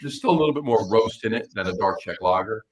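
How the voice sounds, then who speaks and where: A podcast co-host with a lowish voice and lively intonation talks fast and loosely at length during a casual chat over beers, rambling through lists. The audio quality is poor.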